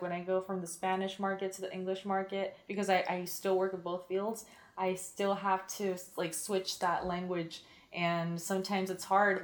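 Chatty young woman, lots of "like". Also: lowish voice. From Mexican-American background. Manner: chatty, fills with "like", acts out quoted lines. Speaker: radio and TV media personality, guest. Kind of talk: casual interview answers.

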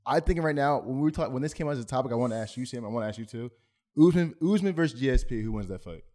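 Fast-talking profane podcast guy. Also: medium pitch, lively intonation, darkish tone. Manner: rapid, profane, opinionated. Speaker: podcast co-host. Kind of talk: casual sports chat.

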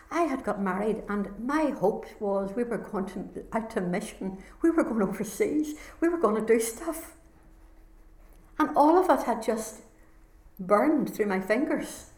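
A woman's voice: a little high, a little mellow. A woman with a Northern Irish accent giving an earnest, heartfelt personal testimony as a conference speaker. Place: conference hall. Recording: echoey hall sound.

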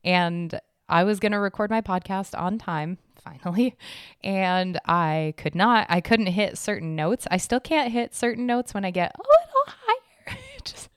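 A woman hosting a podcast in casual, rambling chat, her voice a little hoarse from recently losing it, chipper and laughing often, on a desk mic at home. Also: medium pitch, animated, unhurried, no echo, clean studio sound. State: hoarse, recovering from lost voice. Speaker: podcast host. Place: home room decorated for Halloween.

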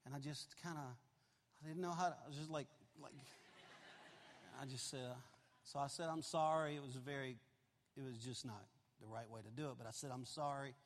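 A man in his fifties preaching a confessional story sermon, animated and swinging from loud to hushed, in a large church auditorium. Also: mid-range voice, moderate pace. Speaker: pastor. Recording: long hall reverb.

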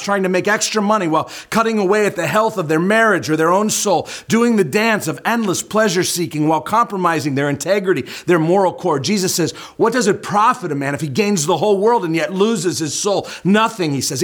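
A male pastor preaching a sermon, telling the story with lively humor and pointed asides. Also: a little high.

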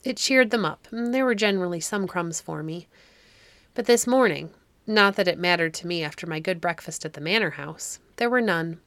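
A woman narrating a classic fairy-tale audiobook in a measured storytelling manner. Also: on the low side, a bit bright, no room sound.

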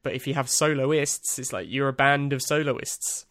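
A man's voice: medium pitch, fairly even intonation, moderate pace, a bit bright, no room sound. A man hosting a podcast, reading out a list in a rambling, dry, self-amused way with lots of ums and uhs. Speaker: podcast host. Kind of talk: casual solo podcast monologue.

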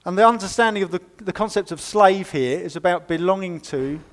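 A man's voice: high-pitched, brisk. Emphatic male preacher in reverberant hall. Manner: emphatic, swinging between loud stresses and quiet asides; conversational and wry. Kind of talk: sermon. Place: church. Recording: long reverb of a church hall.

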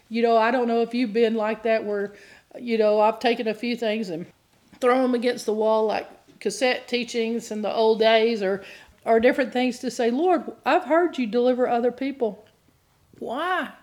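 A woman's voice: a little high, a little mellow. A middle-aged woman giving an earnest teaching sermon on deliverance, at times rising into impassioned pleading. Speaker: deliverance minister.

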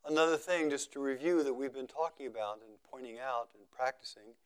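A man with a clean-toned, mid-range voice gives a measured, unhurried dharma talk at a meditation retreat. Phrases get repeated for emphasis, and his voice quiets as each thought closes.

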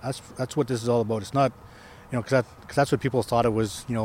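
A man's voice: mid-range voice, fairly even intonation, fast, a little mellow, a little hiss or hum. A man who is a First Nation chief, telling a story in a casual interview outdoors, rambling with many restarts and tag questions. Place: outdoors on a hill.

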